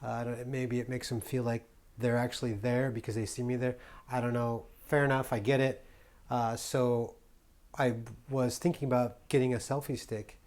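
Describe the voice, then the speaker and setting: A man's voice: mid-range voice, level tone, normal speed, a little mellow. A man from the United States chatting casually to camera as a travel vlogger, rambling and playful with lots of ums and restarts. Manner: rambling and playful, with many fillers. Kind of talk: casual vlog chat.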